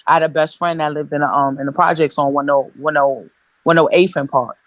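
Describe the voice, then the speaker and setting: A Brooklyn, New York singer-songwriter in her 30s chats animatedly on a radio show in slangy street talk, often saying "you know what I'm saying." Her voice is deep and fairly quick. The recording is dry and lo-fi.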